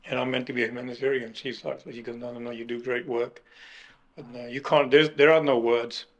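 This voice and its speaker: Halting, emotional man telling his story. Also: mid-range voice, flat delivery, muffled recording. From United Kingdom. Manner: halting, emotional, fills with uh and restarts. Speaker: kidney transplant recipient, interviewee. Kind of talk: emotional personal account.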